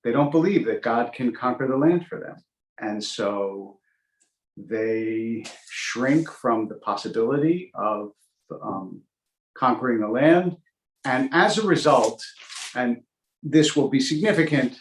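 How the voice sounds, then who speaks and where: A rabbi teaches an informal Torah class, speaking in a loose, conversational way full of ums and uhs. He slips in dry, sarcastic jokes as he goes. His mid-pitched voice rings out in a noticeably echoey room. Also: expressive, slow pace, slight background noise. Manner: dry, joking asides with many fillers. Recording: roomy echo.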